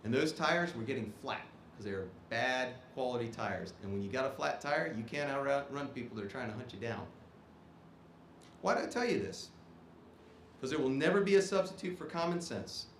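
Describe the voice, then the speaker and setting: Male Army officer, 50s, mid pitch, emphatic speaker, echoey hall. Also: animated, moderate pace, fairly bright tone, slight background noise. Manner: emphatic, punctuates points with "okay?". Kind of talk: ceremony speech. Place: performing arts auditorium. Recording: echoey auditorium.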